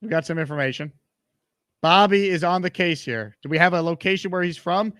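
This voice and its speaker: A man's voice: high-pitched, fairly quick, a bit bright, no echo. Man host, upbeat sports-stream read of chat comments, dry close sound. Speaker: show host. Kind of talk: live-stream sports talk, reading chat.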